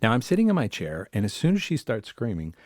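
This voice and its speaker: This is a man speaking as a family therapist on a podcast, telling stories about his life. His voice sits low, and he sometimes acts out the voices of people in his stories. The recording is dry and close, with no room sound. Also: wildly swooping pitch, quick pace, darkish tone, no echo. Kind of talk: conversational podcast storytelling.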